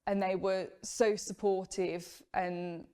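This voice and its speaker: A young woman candidly recounting her own life story, measured and open, with the odd rueful laugh. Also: medium pitch, level tone, dark tone, clear, resonant tone. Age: young adult. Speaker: former Jehovah's Witness sharing her story. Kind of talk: personal testimony.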